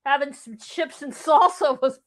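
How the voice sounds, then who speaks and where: A woman's voice: high voice, measured pace. A woman co-hosting a podcast in casual chat, teasing and laughing often. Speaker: podcast co-host.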